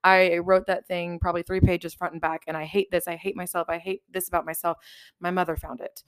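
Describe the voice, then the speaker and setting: Podcast host, woman, lower voice, earnest and blunt, swears, dry close sound. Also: flat delivery, brisk, smooth, no echo. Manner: earnest, swears freely, repeats for emphasis. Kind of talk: casual heartfelt podcast chat.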